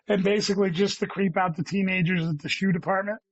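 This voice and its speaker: Man, 30s, guest comedian, higher pitch, rambling casual talk, slightly dull recording. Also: moderate pace. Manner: relaxed rambling storyteller, says "dude" a lot. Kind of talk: casual chat.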